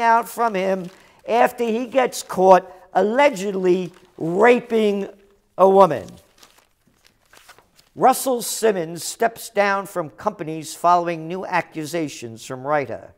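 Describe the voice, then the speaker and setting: A man who forecasts trends, giving a combative, sarcastic ranting commentary that bursts into shouted insults. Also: sits high, takes it slowly. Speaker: trends forecaster and journal publisher.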